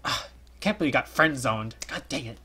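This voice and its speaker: A man playing a visual novel, reading it aloud with jokey commentary in a hoarse voice. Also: medium pitch, brisk. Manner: animated, jokey, often laughing at himself. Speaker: let's play host.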